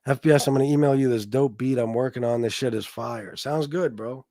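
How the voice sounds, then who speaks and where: A man's voice: mid-range voice, fairly quick, warm tone, no room sound. A man hosting a livestream, ranting casually in a profane, boastful, taunting way. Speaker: livestream host.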